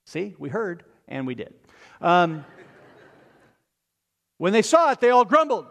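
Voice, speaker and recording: A man preaching a sermon, retelling a story with lively asides to the congregation. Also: high-pitched, measured pace, gravelly, pauses often, big-room sound.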